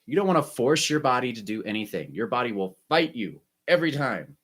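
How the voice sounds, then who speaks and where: A man teaching an online music lesson, guiding students through breathing and warm-up exercises with short, encouraging instructions. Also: medium pitch, very animated, brisk.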